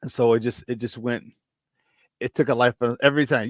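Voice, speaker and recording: A former player turned sports talk host speaks a little fast in a mid-range voice, recorded dry at studio quality. Energetic and chatty, he talks football casually, laughs plenty, relays locker-room stories and throws in "baby" for hype.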